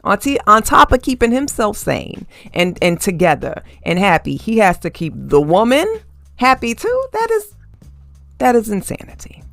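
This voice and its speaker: A woman hosts her own podcast and gives an emphatic, sassy opinion monologue, laughing often and swearing freely. Her voice has a gravelly fry at a middle pitch. Soft music hums faintly behind her. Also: sing-song, normal speed, no room sound. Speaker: podcast host.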